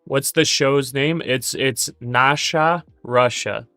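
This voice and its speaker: A man's voice: mid-range voice, takes it slowly, bright, forceful tone, dry recording. A man hosting a day trading livestream, chatting casually and jokingly, with many stammered restarts.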